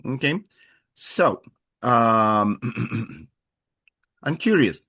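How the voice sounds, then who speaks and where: A man's voice: mid-range voice, lively intonation, extremely slow, bright, forceful tone, slightly rough. A man teaching a beginner Spanish class, explaining patiently with many fillers and acting out short dialogues. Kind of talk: live online Spanish lesson.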